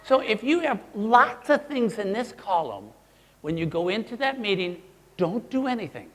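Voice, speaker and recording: Animated high-pitched man teaching a seminar. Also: normal speed, big-room sound, a little hiss or hum. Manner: animated, playful, asks the audience questions. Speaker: workshop presenter. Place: seminar room with an audience.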